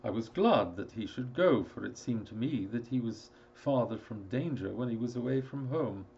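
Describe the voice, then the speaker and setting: A man narrating a classic story in a steady, measured storytelling voice. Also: medium pitch, gravelly, lo-fi sound, a little hiss or hum. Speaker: audiobook narrator. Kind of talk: scripted narration.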